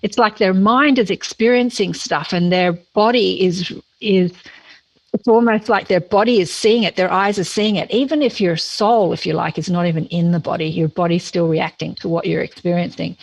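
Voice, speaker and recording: A woman's voice: fairly low pitch, moderate pace, creaky, dry recording, low-quality recording. Chatty Australian woman, dry close sound. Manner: chatty and animated, laughs easily, explains at length. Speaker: guest, spiritual teacher and podcaster. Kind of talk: casual interview chat.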